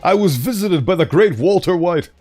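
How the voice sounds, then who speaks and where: A man's voice: high voice, lively intonation, normal speed, darkish tone. A man streaming a casual reading of horror articles, breaking off into playful, joking asides. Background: faint background music.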